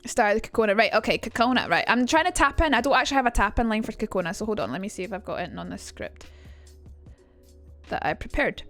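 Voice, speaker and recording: A woman's voice: medium pitch, expressive, fast talker, fairly bright tone, faint music behind. A young Scottish woman on a casual live stream, chatting and swearing freely as she talks to her chat about accents.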